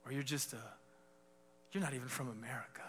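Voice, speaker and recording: A man preaching voices a sneering enemy who mocks a listener in a quiet, half-whispered tone. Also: medium pitch, fairly even intonation, quick pace, a little hiss or hum, close to an everyday voice. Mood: mocking.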